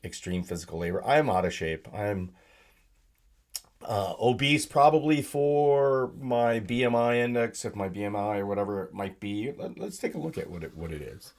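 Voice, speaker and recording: A man's voice: fairly low pitch, lively intonation, normal speed, darkish tone. A tired man with a sore voice, hosting a solo live stream from his desk, rambling with lots of fillers and talking to himself as he clicks around his computer. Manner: rambling, filler-heavy, self-talk while using the computer. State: tired, sore voice from yelling at work. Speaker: podcast host. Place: home desk with laptop and monitor.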